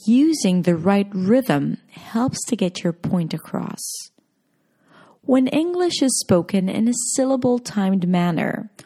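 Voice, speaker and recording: A woman narrating a scripted pronunciation lesson, speaking clearly and deliberately as she models example sentences. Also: mid-range voice, warm tone. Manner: slow, clear, deliberate demonstrations. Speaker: pronunciation teacher.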